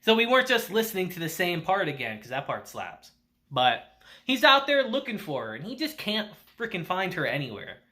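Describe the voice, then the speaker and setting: A man's voice: sits high, very animated, fairly quick, pushed and bright. A man reviewing an anime episode in a casual chat, retelling scenes with quoted lines, laughing often and swearing now and then.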